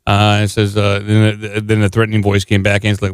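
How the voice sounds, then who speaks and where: A man's voice: lowish voice, completely flat delivery, brisk, hardly any pauses, clear, resonant tone, no echo. Wry man reading the news on a podcast. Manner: sarcastic, jokey asides. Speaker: podcast co-host. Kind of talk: casual chat, reading a news article aloud.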